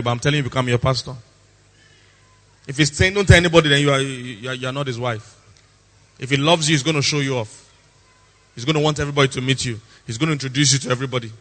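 Bright, emphatic pastor. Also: male voice, mid-range voice, in a large hall. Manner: emphatic, repeats lines for effect, theatrical impressions. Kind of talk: sermon.

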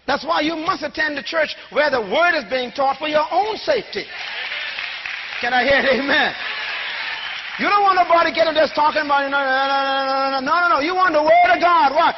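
A man preaching a sermon to a congregation, shouting and leading call-and-response. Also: very high-pitched, lo-fi sound, background noise. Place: church before a congregation.

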